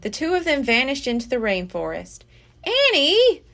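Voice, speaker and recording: A woman reading a children's book aloud as a library storyteller, with an expressive, dramatic delivery. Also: a little high, fairly quick, gravelly.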